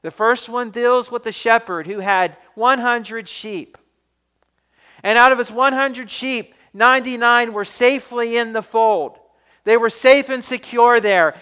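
Bright, high-voiced male preacher. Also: smooth, in a large hall. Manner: emphatic preaching with rising, questioning delivery. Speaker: pastor. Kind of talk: sermon.

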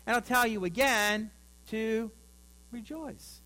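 A male pastor preaching a sermon, swinging between loud emphasis and quiet asides. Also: high-pitched, slow, long pauses. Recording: mains hum.

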